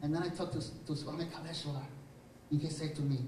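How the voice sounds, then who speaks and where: A man's voice: a little high, level tone, brisk, darkish tone, slight background noise. Male spiritual teacher, reflective storyteller, distant roomy hall recording. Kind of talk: inspirational lecture with personal stories. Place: university lecture hall. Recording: roomy hall, speaker far from mic, faint ambience.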